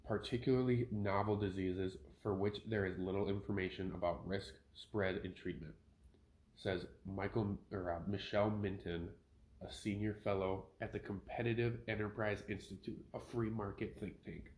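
Male podcast host, deep voice, opinionated reader, echoey home room. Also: darkish tone. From Minnesota. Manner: opinionated, ranting, self-correcting. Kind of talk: casual podcast commentary, reading an article aloud. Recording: roomy home podcast recording.

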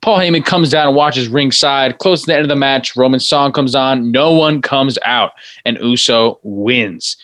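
A man's voice: medium pitch, a bit bright, dry recording. Guy casually running through wrestling recaps, medium voice, dry close sound. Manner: recaps matches in quick play-by-play. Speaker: podcast co-host. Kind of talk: casual chat.

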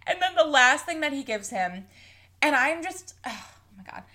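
A woman's voice: sits high, big pitch swings, moderate pace, bright, forceful tone. A woman chatting casually and animatedly as she recaps a reality TV episode, swearing freely and acting out what people said. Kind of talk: casual chat recapping a TV show.

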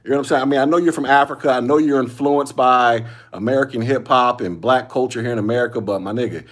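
A man's voice: medium pitch, fast talker, a bit bright. A man hosting a solo podcast, giving casual commentary in loose slangy talk, repeating himself and chuckling often. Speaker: podcast host.

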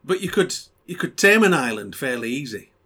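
A man's voice: mid-range voice, big pitch swings, brisk, fairly bright tone, husky. A middle-aged man, co-hosting a podcast in casual chat. He is blunt, teasing and swears freely. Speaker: podcast co-host.

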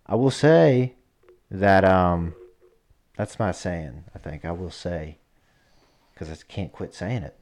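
A man's voice: low-pitched, slow pace, pauses often, a little mellow. A man co-hosting a podcast, chatting casually in a rambling, joking, profane way. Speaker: podcast co-host.

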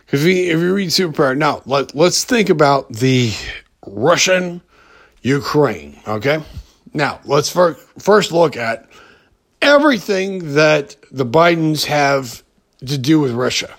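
A man hosting a podcast in a rambling, profane monologue, full of halting restarts and fillers. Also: mid-range voice, fairly bright tone. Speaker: podcast host. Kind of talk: casual ranting monologue.

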